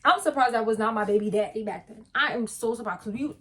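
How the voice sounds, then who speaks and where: A young woman tells a personal story in a casual, blunt, profane and animated way. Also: fairly high pitch, fast. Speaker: vlogger.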